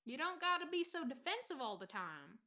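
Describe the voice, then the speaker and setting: Woman playing a tall sunny adventurer guy, fake southern drawl, calm and kinda preachy, bright lively voice. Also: high-pitched, a little fast, heavily acted. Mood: earnest, soothing. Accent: put-on American Southern. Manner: soothing, gently preachy. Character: tall, relentlessly cheerful male adventurer. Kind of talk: tabletop role-play.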